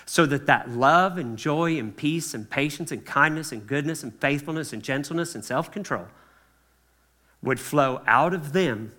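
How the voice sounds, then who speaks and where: A man's voice: fairly high pitch, sharp tone. A pastor preaching a conversational sermon to his congregation, often checking in with "okay?" and acting out what people say. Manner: acts out quoted voices, slows for emphasis.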